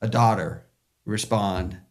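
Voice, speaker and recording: A man in his sixties hosting a podcast, talking in a heartfelt, halting casual chat. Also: lowish voice, steady tone. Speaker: podcast host.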